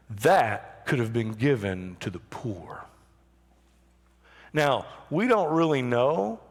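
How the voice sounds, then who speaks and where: A man preaching a sermon as pastor, his delivery swinging from hushed to raised and emphatic. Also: mid-range voice, big-room sound. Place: church sanctuary.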